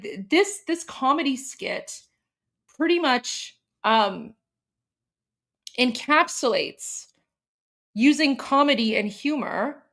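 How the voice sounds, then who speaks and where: A woman from Iran, hosting and chatting casually with many fillers. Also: on the high side. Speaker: host. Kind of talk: casual introduction.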